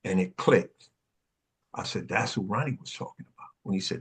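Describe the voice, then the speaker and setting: A man, excitedly telling stories on a panel and acting out the voices of the people in them. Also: low-pitched, moderate pace, slightly rough. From Oakland, California. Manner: excitable, acts out quoted voices, street slang. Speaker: panel guest, dance pioneer. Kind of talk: animated storytelling in a panel conversation.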